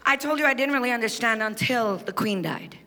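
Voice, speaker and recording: A woman's voice: on the high side, brisk. Trinidadian woman preaching in a reverberant hall. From Trinidad and Tobago. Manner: swings from quiet confiding asides to shouted, rising testimony. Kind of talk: sermon. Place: large church hall on stage.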